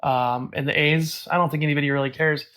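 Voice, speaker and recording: A man's voice: on the high side, steady tone, fast, fairly bright tone. A man co-hosting a casual talk podcast who works as an airport bartender. He gives blunt personal opinions and laughs easily. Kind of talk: casual chat.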